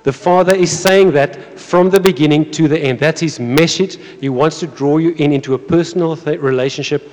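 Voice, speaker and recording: This pastor, aged in his thirties or forties, speaks in a higher-leaning, darkish voice at a moderate pace with hardly any pauses. His conversational sermon, full of repeated words and questions to the congregation, echoes with long hall reverb in a church auditorium.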